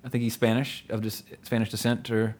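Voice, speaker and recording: A man's voice: fairly low pitch, little pitch movement, a little fast, darkish tone. Rambling, laughing man reviewing a film. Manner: rambling and enthusiastic, laughs often, many fillers. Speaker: podcast host. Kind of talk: casual movie podcast chat.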